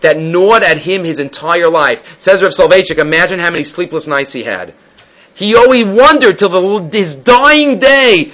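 High-voiced man teaching Talmud. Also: sing-song, normal speed, sharp tone, rough recording. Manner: reads each Hebrew and Aramaic phrase, then translates it in casual English. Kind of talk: Gemara class, translating and explaining.

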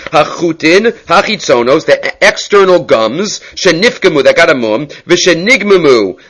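A man teaching a Talmud lesson, reading Aramaic lines and explaining them in lively English. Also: fairly high pitch.

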